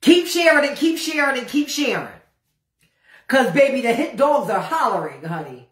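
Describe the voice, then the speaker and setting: A woman's voice: high-pitched, big pitch swings, moderate pace, a bit bright, echoey room. A woman ranting on a livestream in a brash, profane way, repeating phrases over and over for emphasis. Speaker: live streamer. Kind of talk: unscripted livestream rant.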